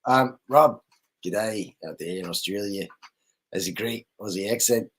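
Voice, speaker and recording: A man's voice: lowish voice, a little slow, fairly bright tone, slightly rough. A man hosting a live post-show discussion, greeting viewers by name in a loose, chatty way with lots of fillers. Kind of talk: casual live-stream chat.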